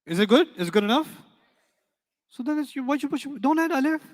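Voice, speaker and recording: A man with a high voice leads a classroom grammar lesson, firing quick questions at his students and teasing them playfully. His voice rings with a long hall reverb. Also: lively intonation. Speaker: Arabic teacher.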